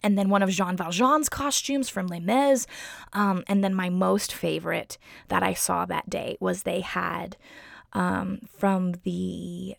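Gushing young woman with heavy vocal fry. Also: on the low side, fairly even intonation, slow pace, no echo, clean studio sound. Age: young adult. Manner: chatty, gushing, heavy use of "like" and "um". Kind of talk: casual personal storytelling.

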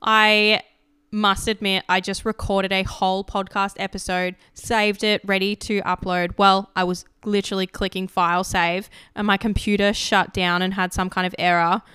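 A young woman hosts her podcast in a loose, candid ramble, swearing freely. Her voice is very clear but slightly croaky from recent illness. The recording is dry and close, with no room sound. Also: medium pitch, flat delivery, moderate pace, pushed and bright, no room sound. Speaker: podcast host. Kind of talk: casual chat.

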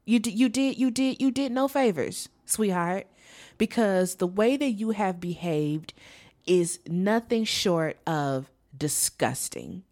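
A woman's voice: mid-range voice, lively intonation, slow pace, darkish tone. Sassy profane woman ranting. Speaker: podcast co-host. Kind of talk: casual chat.

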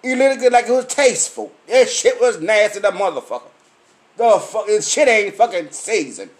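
A man's voice: sits high, lively intonation, normal speed. A man, ranting angrily and profanely about food in a swaggering comic way. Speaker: vlogger. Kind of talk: profane rant.

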